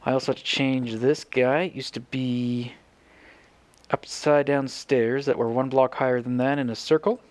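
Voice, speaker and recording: This man's medium-pitched, darkish voice barely moves in pitch and keeps a moderate pace, with no echo. He's a Minecraft let's player rambling casually through commentary on his build, thinking out loud and fixing his own mistakes.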